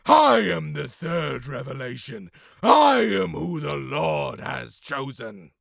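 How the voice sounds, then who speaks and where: A man playing a cold, ruthless adult oilman, drawing out his menace in a hush that breaks into shouts, close on a studio mic. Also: mid-range voice, big pitch swings, gravelly, breathy edge, no echo, full character voice. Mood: roaring triumph. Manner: hushed, drawn-out menace that erupts into shouts. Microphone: studio condenser mic, close.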